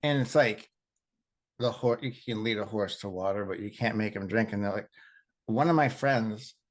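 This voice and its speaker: A man's voice: lowish voice, normal speed. Man talking loosely with lots of fillers. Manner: rambling and animated, heavy on fillers and acted-out quotes. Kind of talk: casual chat.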